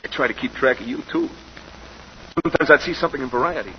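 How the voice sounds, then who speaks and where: An actor playing a gentle, lovesick young male boxer who speaks softly and haltingly, in 1940s radio acting. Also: medium pitch, a little hiss or hum, lightly acted. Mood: shy. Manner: soft, halting, plain slangy speech. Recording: dull 1940s radio recording with music.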